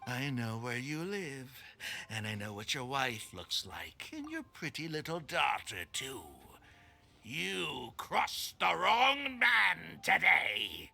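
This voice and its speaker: An actor playing a menacing male crook in a game, delivering slow, sneering threats. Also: a little high, sing-song, vocal fry, sharp tone, heavily acted. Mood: threatening. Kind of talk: game voice acting.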